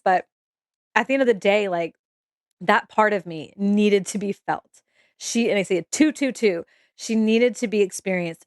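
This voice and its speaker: Woman, EFT practitioner, candid and emphatic, swears freely, dry close sound, mid-pitched voice. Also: no room sound. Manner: addresses listeners directly, checks in often. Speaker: EFT practitioner giving an intuitive reading. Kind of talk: casual spiritual talk to camera.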